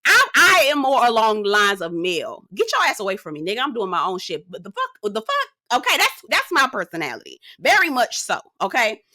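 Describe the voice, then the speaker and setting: Woman, young adult, lively swooping delivery, slightly high voice, salty TV recap vlogger. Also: fairly quick, hardly any pauses. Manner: animated, profane, emphatic repetition, laughs often. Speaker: TV show reviewer. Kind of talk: casual reality TV recap commentary.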